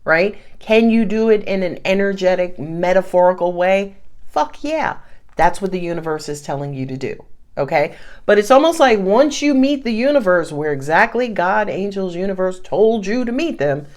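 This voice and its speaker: A woman talks through a tarot reading in a loose, animated way, laughing often and letting the odd curse word slip. Her voice sits at an ordinary middle pitch. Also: normal speed. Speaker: tarot reader. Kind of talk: casual spoken tarot reading.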